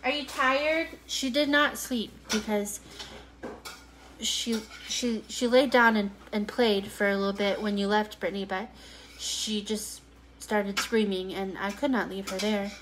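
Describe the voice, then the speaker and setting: A woman's voice: mid-range voice, fairly even intonation, unhurried, a bit bright. A woman hosting a casual cooking livestream at home, chatting with viewers and teasing a toddler in playful sing-song baby talk. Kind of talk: casual chat while cooking on a live video, talking to a toddler. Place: home kitchen. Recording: noisy kitchen sounds.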